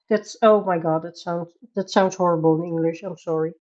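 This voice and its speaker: A woman's voice: on the low side, steady tone, a little fast, few pauses, darkish tone, dull audio. A woman from the Netherlands with a Dutch accent, chatting casually on a coloring live stream, reading chat aloud and laughing often.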